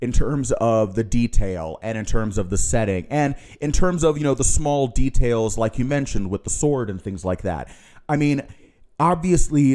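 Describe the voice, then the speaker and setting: A man's voice: medium pitch, a little mellow. A man co-hosting a podcast, talking casually but earnestly, weighing what works and what doesn't. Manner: earnest, analytical, measured critique. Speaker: podcast co-host.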